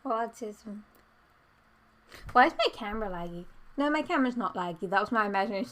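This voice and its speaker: A woman's voice: mid-range voice, expressive, fairly quick, long pauses, a bit bright. A young woman streaming live, chatting casually to her chat and repeating silly noises in a goofy, playful way.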